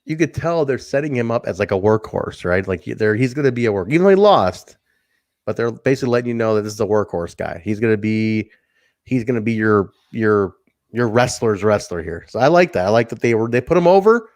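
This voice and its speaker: A man's voice: on the low side, a little fast, no echo. Laid-back man chatting casually. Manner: animated, laughs often, acts out quotes. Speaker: podcast co-host. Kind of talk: casual wrestling review chat.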